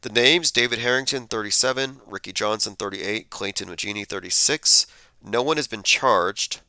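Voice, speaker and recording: Male commentary host, casual and skeptical, lowish voice, crisp and bright. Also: moderate pace, no room sound. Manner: skeptical, conversational, thinks aloud with fillers. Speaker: podcast host. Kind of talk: casual commentary reading tweets and headlines.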